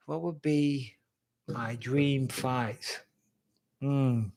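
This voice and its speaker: A man in his forties, a former fighter turned commentator, hosting a casual live Q&A, answering viewer questions bluntly, quickly and with frequent swearing. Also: mid-range voice, fairly even intonation, a little mellow.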